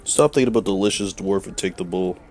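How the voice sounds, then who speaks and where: A man's voice: low voice, quick pace, darkish tone, faint music behind. A young man streaming a game, joking crudely and talking back to the characters. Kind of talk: casual gameplay commentary.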